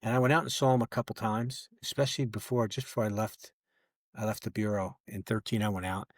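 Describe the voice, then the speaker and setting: This older ex-federal agent talks at a quick clip in a fairly low, flat voice, casually recounting a long story on a podcast setup and voicing everyone in old conversations. The audio is dry and studio-clean.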